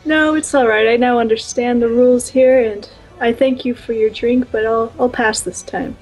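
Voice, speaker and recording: Husky woman playing a tabletop game. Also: on the high side, steady tone, moderate pace, a little mellow, soft background music, rough recording. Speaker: player. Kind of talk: tabletop role-play.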